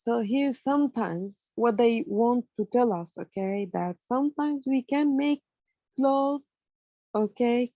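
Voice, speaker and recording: A woman's voice: mid-range voice, dry recording, lo-fi sound. A woman explaining grammar step by step to students, often checking that they follow. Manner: explains step by step, fills with "you know" and checks understanding with "okay?". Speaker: English grammar lecturer. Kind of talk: explanatory lecture.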